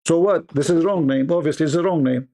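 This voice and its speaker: Insistent high-voiced Arabic-native man debating. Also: quick pace, dark tone. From Arab world. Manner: insistent, repeats questions, interrupts. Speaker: debate host. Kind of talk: heated online debate.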